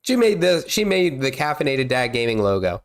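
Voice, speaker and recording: This congested gaming streamer, a man in his thirties, has a medium-pitched, sing-song voice at normal speed. He gives casual, rambling live commentary, chatting away and exclaiming at the game.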